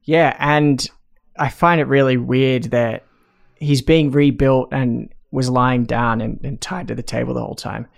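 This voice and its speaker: A man with a deeply gravelly, fry-laden voice talks through scenes at a relaxed, chatty clip. His pitch sits right in the middle of a man's range. He throws in quick asides and little laughs as he recaps. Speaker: podcast co-host recapping a film. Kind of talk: casual chat.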